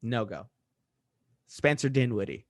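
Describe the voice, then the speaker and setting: A man's voice: mid-range voice, sing-song, unhurried, no room sound, clean studio sound. A young man from Orlando co-hosting a sports podcast, arguing his points with playful ribbing. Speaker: podcast co-host. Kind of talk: casual sports debate.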